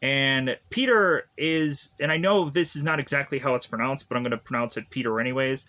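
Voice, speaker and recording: The same kind of rambling film recap comes from a movie reviewer whose mid-range voice is brisk and sharp, though the audio sounds dull. Fillers such as "like" and "is to" pile up as he chuckles at the plot.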